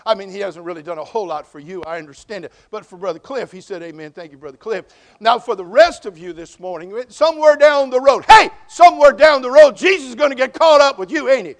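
Male pastor, sermon delivery, high-pitched, emphatic, leans on repetition and rhetorical questions. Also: expressive, quick pace. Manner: quiet storytelling in parts.

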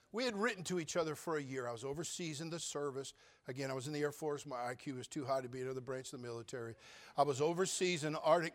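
A man preaching a sermon, telling his own story with humor and big swings between loud and quiet. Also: on the high side. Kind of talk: sermon testimony.

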